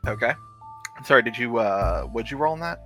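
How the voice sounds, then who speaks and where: A man running a tabletop game as game master, describing the scene in halting bursts. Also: mid-range voice, lively intonation, bright, forceful tone, faint music behind. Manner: halting, searching for words.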